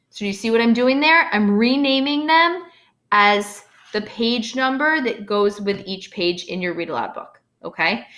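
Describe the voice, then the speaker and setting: A woman's voice: medium pitch, fairly bright tone. Woman teacher walking through steps. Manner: step-by-step, checking in with "okay?". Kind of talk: screen-recorded software tutorial.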